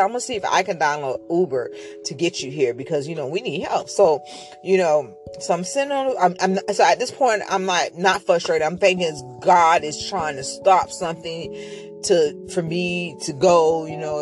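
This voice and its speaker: A woman hosting her own podcast, telling a personal story in a chatty, rambling way with many fillers and frequent mentions of God. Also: on the low side. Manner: devout, often mentioning God. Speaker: podcast host. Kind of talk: casual storytelling monologue.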